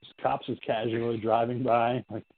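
A man co-hosting a podcast, chatting casually about a horror film, animated and profane, mocking the characters. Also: mid-range voice, moderate pace. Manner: animated, swearing, mocking characters in silly voices. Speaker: podcast co-host. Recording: tinny phone-like audio.

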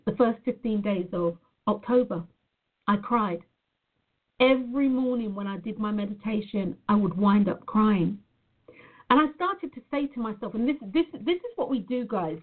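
A woman with a fairly high voice speaks earnestly and reflectively, calling her viewers "guys" in a casual spiritual talk. The sound is tinny and narrow, as if carried over a phone line. She comes across as a reflexologist from Nevada. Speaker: reflexologist sharing a personal reflection.

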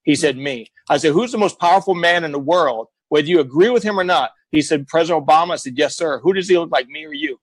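Middle-aged guy telling stories, blunt, keeps repeating stuff, kinda high voice, dry close sound. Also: fast, few pauses, no echo. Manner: emphatic, blunt, repeats himself for effect. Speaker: guest. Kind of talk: casual storytelling.

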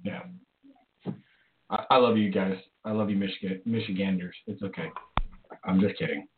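A man's voice: low voice, steady tone, moderate pace, slight background noise. A man hosting a casual beer chat, easygoing and hesitant, with lots of fillers. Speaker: podcast host. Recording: lo-fi phone-like sound.

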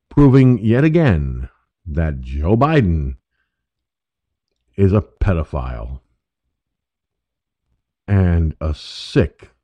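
A man's voice: low-pitched, sing-song, extremely slow, long pauses, dark tone, no room sound. A man from New York State hosting an internet radio show, delivering a profane, emphatic political monologue. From New York State, USA. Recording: dull lo-fi dry audio.

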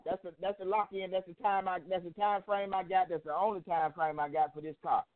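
A man's voice: sits high, little pitch movement, a little fast, no echo. A man hosting a heated call-in show, cursing, repeating himself and arguing with the racers on the line. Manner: profane, repeats himself, argumentative. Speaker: host taking racers' calls. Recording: phone-line audio with chatter behind.

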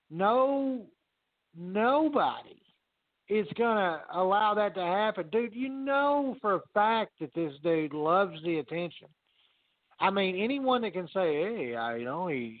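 A man's voice: high-pitched, dry recording. A man co-hosting a podcast, talking casually and animatedly, swearing freely. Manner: animated, swears freely, quotes others in voices. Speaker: podcast co-host. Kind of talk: casual profane chat. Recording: dry, phone-like narrow sound.

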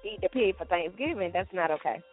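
A woman co-hosting a casual morning radio chat, skeptical and quick to object. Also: fairly low pitch, expressive. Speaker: co-host. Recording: tinny phone-like audio with faint music.

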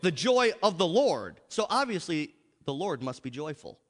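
An American man preaching a revival sermon in a church, emphatic and joking, with big swings between loud and soft. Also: on the high side, very animated, normal speed. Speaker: pastor. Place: large church sanctuary. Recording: long hall reverb.

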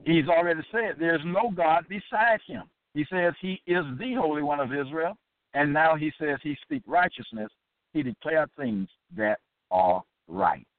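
A man's voice: a little high, no room sound. Man preaching over a tinny line. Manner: emphatic and deliberate, repeating points. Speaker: Bible teacher hosting an episode. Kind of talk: preaching Bible study. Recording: tinny phone-like, dry sound.

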